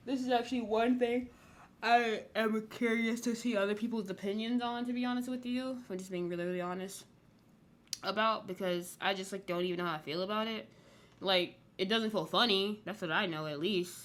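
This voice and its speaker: A woman's voice: mid-range voice, a bit bright. A woman casually recapping a reality TV show, rambling and blunt, with lots of "like" in her speech. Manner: candid, blunt.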